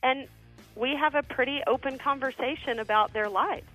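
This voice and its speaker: A middle-aged woman, a ministry founder, telling family stories as a radio interview guest in an earnest, animated way. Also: high-pitched, normal speed, faint music behind. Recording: tinny phone line.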